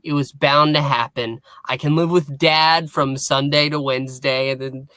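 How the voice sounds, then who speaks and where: A podcast co-host calmly summing up an episode's scenes, with small hesitations and quoted lines. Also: medium pitch, moderate pace, clean tone, no room sound. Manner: plain storytelling with little hesitations and quoted lines. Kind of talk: casual episode recap chat.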